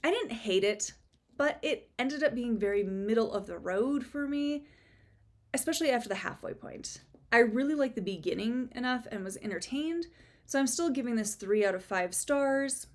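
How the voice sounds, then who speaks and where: A woman's voice: fairly high pitch, lively intonation, normal speed. A young woman giving a casual, chatty book review, with sarcastic asides and frequent fillers.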